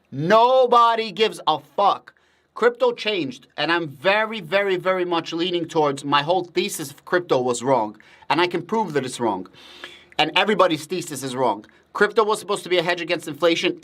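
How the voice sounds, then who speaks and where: A man's voice: on the high side, fairly bright tone. A man for whom Russian is a first language, hosting a casual livestream, answering viewer comments in a blunt, profane and emphatic way. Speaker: livestream host.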